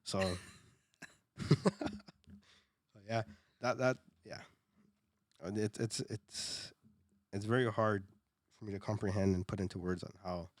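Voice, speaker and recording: Laid-back, low-voiced young man. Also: no echo, clean studio sound. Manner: loose, laughing, profane, repeats words. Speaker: podcast co-host. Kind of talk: casual storytelling chat.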